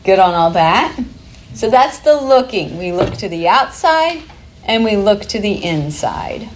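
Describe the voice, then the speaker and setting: A woman's voice: mid-range voice, very animated, unhurried, slight background noise. A woman presenting a workshop to a live group, talking in a chatty, upbeat way and laughing easily.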